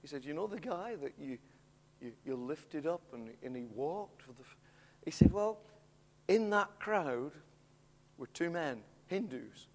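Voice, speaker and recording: A middle-aged man preaching a sermon, telling a story in an animated way that swells into excited shouts. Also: on the high side. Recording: long hall reverb.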